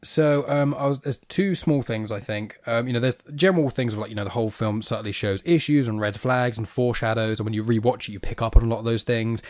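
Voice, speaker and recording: A British man co-hosting a podcast, chatting casually about a film in an animated, rambling way and laughing easily. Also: medium pitch, quick pace, few pauses, no room sound, studio quality. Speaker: podcast co-host.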